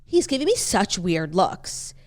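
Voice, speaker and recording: A woman co-hosts a casual chat podcast, and her pitch swings widely as she tells stories. She laughs often and swears freely. She is pregnant and keeps the talk loose and conversational. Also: very animated, a little slow, darkish tone. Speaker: podcast co-host.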